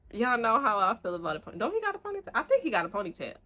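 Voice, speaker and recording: A bright, fairly high-voiced young woman gushes about a book she loves. She rambles in a loose, excitable way, full of fillers and slang, like a casual chat with her viewers. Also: fast. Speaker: book reviewer. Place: room at home, street outside.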